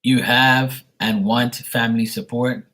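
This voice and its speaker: A man's voice: mid-range voice, steady tone, measured pace, a bit bright. A man giving casual live tarot readings and teasing viewers as he answers them. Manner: teasing, talks back to chat. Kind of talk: casual livestream chat.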